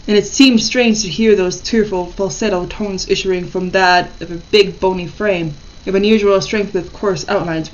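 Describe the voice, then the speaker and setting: A woman's voice: medium pitch, muffled recording. Woman reading a horror story.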